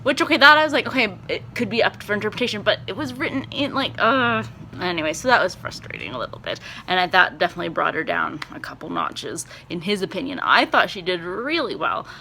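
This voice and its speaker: A young woman talks straight to her own camera in a loose, chatty vlog. Her voice is bright and clear. She wanders between thoughts, leans on fillers and lifts readily into excitement. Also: lowish voice, quick pace, few pauses, a little hiss or hum. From Canada. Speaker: vlogger and performance teacher. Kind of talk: casual vlog chat.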